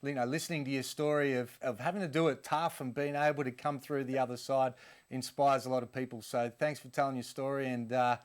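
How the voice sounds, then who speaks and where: A man's voice: medium pitch, little pitch movement, a little fast. A man co-hosting a basketball show, heaping hearty praise on guests. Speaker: co-host. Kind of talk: studio sports show hosting.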